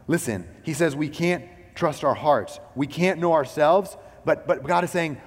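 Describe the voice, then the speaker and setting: A man's voice: a little high, sing-song, measured pace, big-room sound. A man preaching a sermon as a pastor. He talks in a loose, conversational way, full of "like" and "you know".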